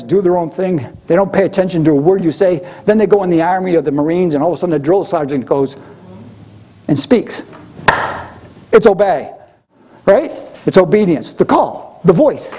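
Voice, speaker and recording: A man delivering a sermon in a conversational, storytelling manner. His voice sits high for a man, yet it is mellow and slightly husky. He often slips into the voices of the people he quotes. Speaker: preacher.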